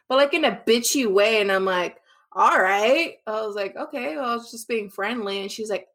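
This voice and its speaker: A woman's voice: a little high, normal speed, a bit bright. A woman co-hosting a podcast, telling a story in a brash, profane way during a casual chat. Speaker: podcast co-host.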